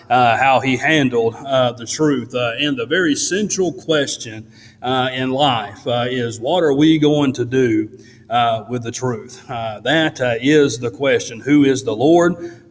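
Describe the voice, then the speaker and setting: A man preaching a sermon in a church, pausing often with "uh" between phrases. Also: mid-range voice. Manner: halting, fills pauses with frequent "uh". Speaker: pastor. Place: church sanctuary. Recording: long church reverb.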